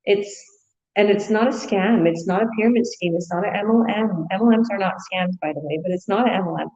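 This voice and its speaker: A woman's voice: medium pitch, brisk, darkish tone, muffled recording. A woman hosting a live business webinar, chatty and effusive, with many fillers.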